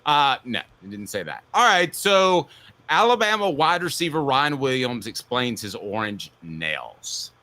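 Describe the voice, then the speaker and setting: A man hosting a casual sports talk show, sarcastic and animated. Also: mid-range voice, unhurried. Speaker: sports radio host.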